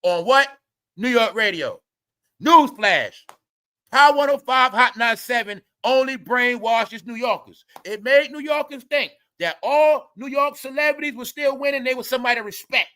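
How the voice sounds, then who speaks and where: High, bright-voiced man ranting. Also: moderate pace. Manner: heated, swearing, repetitive and preachy. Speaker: commentary channel host. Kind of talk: ranting celebrity gossip commentary.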